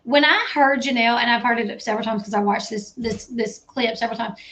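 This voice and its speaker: A woman with a high voice reacts to a clip in a blunt, incredulous way. She speaks her mind plainly as the host of a commentary channel. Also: a little fast, hardly any pauses, a bit bright.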